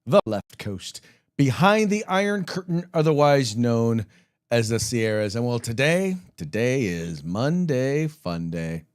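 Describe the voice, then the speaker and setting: A man hosting a political talk show, chatting loosely and searching for words, then reading the sponsors briskly. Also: mid-range voice, animated, clean tone, no echo, clean studio sound. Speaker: podcast host. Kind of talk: casual political commentary.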